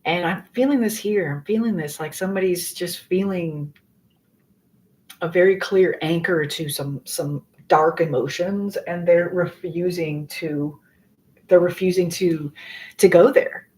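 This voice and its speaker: A woman with a fairly low voice talks through a live tarot spread. She is earnest and loose, repeating words as she feels her way, and swears casually now and then. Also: unhurried, a little mellow, rough recording. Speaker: tarot reader.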